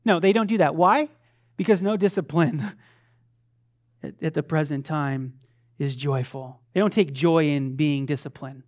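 A man's voice: on the high side, unhurried. Fervent male preacher, rising and falling. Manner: swings between loud fervent preaching and soft conversational asides; acts out quoted voices of his children playfully. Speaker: pastor. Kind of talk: sermon.

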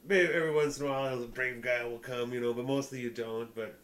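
A man in casual chat, relaxed and slangy, reacting with drawn-out exclamations and talking about handling hecklers. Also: mid-range voice. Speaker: comedian, co-host.

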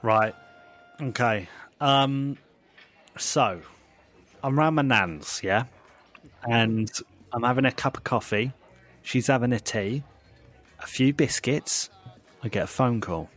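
Casual guy on a podcast, animated, faint music in the background. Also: medium pitch, slow, long pauses. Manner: animated, acts out quoted voices. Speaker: podcast co-host. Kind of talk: casual storytelling chat.

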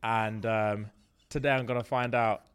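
A young man, co-hosting a podcast in a jokey, animated storytelling manner. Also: on the low side, normal speed, clear, resonant tone. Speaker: podcast co-host. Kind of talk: casual chat.

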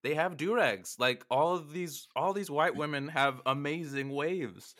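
A man's voice: fairly high pitch, measured pace, a bit bright. A man in a casual film chat, joking around, swearing freely and laughing often. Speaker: podcast co-host.

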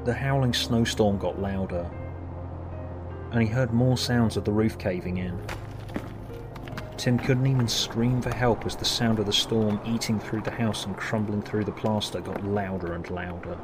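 A man with a fairly low voice narrates a horror tale, slow and dramatic. He reads it in measured, deliberate sentences. Music plays clearly beneath his voice. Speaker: storyteller.

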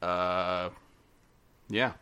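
A man's voice: low voice, fairly even intonation, very slow, bright, forceful tone, smooth, no echo. A man hosting a podcast, telling a story in casual chat, rambling with many fillers and restarts. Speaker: podcast host.

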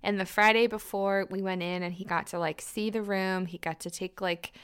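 Smooth-voiced laughing woman co-host. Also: mid-range voice, fairly even intonation, moderate pace. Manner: bubbly, laughs often. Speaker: podcast co-host, parent. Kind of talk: casual podcast chat.

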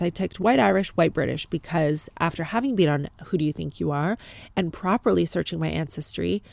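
Canadian-accented woman, casual sarcastic storyteller, gravelly fry, dry close sound. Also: on the low side, no room sound. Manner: exasperated, sarcastic, swears freely.

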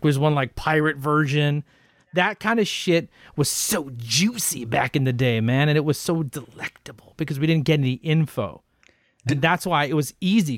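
A man with a slightly high voice talks movies in a loose, profane rant. The sound is close and dry, with no room around it. He keeps jumping into higher, incredulous tones as he argues. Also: no room sound. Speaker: podcast co-host. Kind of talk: casual film chat.

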